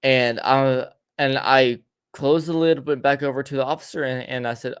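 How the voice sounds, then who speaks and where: A man in a casual podcast chat, spinning a long tale at an ordinary middle pitch. He trips over words, doubles back and restarts often, and lets out a laugh here and there. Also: steady tone, moderate pace, clear, resonant tone. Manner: laughs between lines. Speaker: podcast co-host. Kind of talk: casual spooky storytelling.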